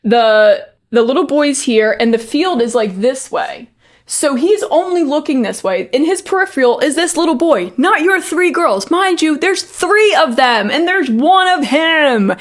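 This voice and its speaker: A woman's voice: high-pitched, animated, a little slow. A young woman co-hosting a podcast, chatty and recounting a story with quoted dialogue. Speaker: podcast co-host. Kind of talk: casual storytelling chat.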